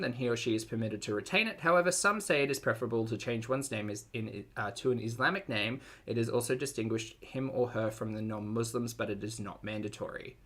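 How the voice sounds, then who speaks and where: Wry, bright-voiced Australian man commentating. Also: mid-range voice. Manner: dry, wry asides between readings. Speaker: reaction commentator. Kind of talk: commentary over a livestream, reading aloud.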